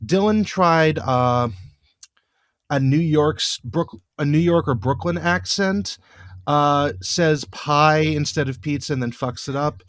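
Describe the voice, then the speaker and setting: A man's voice: a little high, slow, fairly bright tone, dry recording, clean studio sound. Exasperated man ranting with lots of fillers. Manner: exasperated, rambling, many fillers. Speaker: podcast co-host. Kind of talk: casual recap chat.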